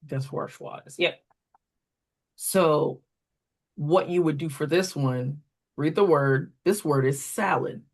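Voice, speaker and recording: A woman training tutors walks through reading correction steps one at a time, using fillers and pointing at examples. Her voice is deep and slow, with long pauses.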